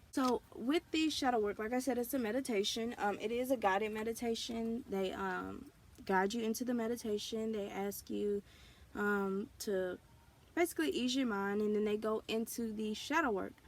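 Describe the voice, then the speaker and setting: A woman vlogger speaking in an earnest, confessional way, sharing personal experiences in a casual talk to camera. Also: medium pitch. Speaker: spiritual wellness vlogger. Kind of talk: candid personal vlog talk.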